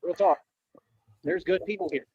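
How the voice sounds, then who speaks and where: A man's voice: sits high, normal speed, darkish tone, breathy edge, no echo, lo-fi sound. A man rambling on at length, boastful and earnest, repeating himself often, with a way of talking. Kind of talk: rambling street monologue.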